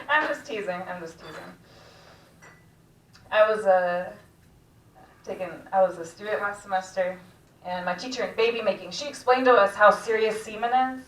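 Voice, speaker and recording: A woman doing a stand-up set at an open mic, deadpan and laughing at her own jokes, recorded in the back room of a restaurant. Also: medium pitch, moderate pace, long pauses. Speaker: stand-up comedian. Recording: echoey room, far mic.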